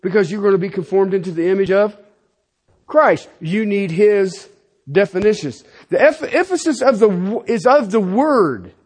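A husky-voiced middle-aged man preaching to his congregation, his pitch riding high and swinging widely. He presses his points hard, then drops into low, muttered asides. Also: animated, moderate pace. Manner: emphatic, swings between loud and quiet asides. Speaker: pastor. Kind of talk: sermon.

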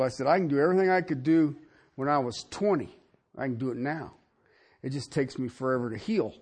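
A middle-aged male pastor preaching a sermon, swinging from soft asides to shouted emphasis. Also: high voice.

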